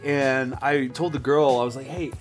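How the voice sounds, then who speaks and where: A man hosting a vlog outdoors in a snowstorm, joking, swearing and quick to laugh as he talks into a headset. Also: mid-range voice, flat delivery, faint music behind. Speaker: vlog host. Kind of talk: casual chat.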